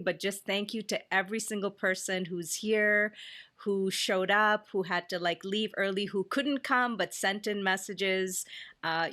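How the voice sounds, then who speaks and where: A woman's voice: on the low side, fairly bright tone. A woman hosting a podcast, speaking in an effusive, grateful way to her guests. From family in India. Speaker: podcast host. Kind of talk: heartfelt podcast talk.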